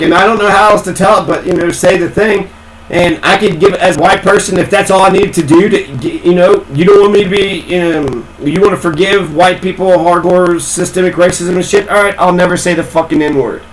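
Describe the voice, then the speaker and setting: A man's voice: sits high, slight background noise, poor audio. A man ranting in a casual, rambling way, swearing a lot and repeating himself. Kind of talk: casual profane rant.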